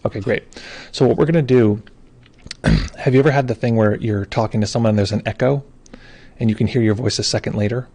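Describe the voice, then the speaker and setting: A man teaching meditation in a live call, explaining in a relaxed, informal way with frequent restarts. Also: on the low side, brisk, long pauses, slightly rough.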